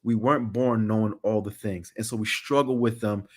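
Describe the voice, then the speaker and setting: A man's voice: lowish voice, steady tone, moderate pace, a little mellow. A middle-aged man speaking as a podcast guest in casual chat, passionate, repeating phrases for emphasis.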